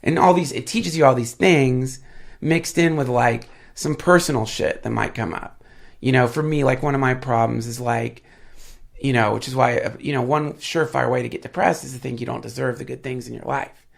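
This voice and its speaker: Sniffly man with a gravelly voice. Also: medium pitch, normal speed. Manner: rambling, filler-heavy, profane storytelling. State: sniffly with a head cold. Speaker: podcast guest. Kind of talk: casual podcast chat.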